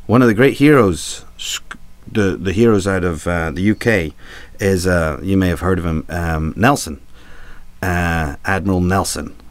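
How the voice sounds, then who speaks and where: Low-voiced man telling a rambling tale. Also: no echo. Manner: rambling, irreverent, chuckling, many fillers. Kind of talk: anecdotal storytelling.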